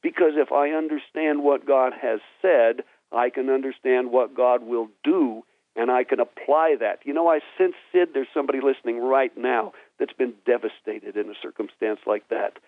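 A man's voice: mid-range voice, normal speed, no room sound. A man who is a guest minister on a talk show, teaching with earnest emphasis and then praying. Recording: tinny phone-like dry sound.

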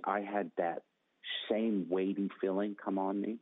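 A man with a fairly low voice tells his testimony in a dramatic, storytelling way, jumping higher whenever he quotes someone. The sound is thin and phone-like, and it is dry with no room echo. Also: steady tone, unhurried, husky. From Northern California. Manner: dramatic, acts out quotes with raised pitch. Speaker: guest telling his testimony.

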